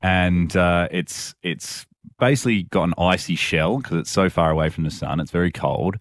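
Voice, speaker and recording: A man's voice: low voice, normal speed, dry recording, clean studio sound. A man chatting as a guest, hesitant with many restarts, enthusiastic about space. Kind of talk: casual chat.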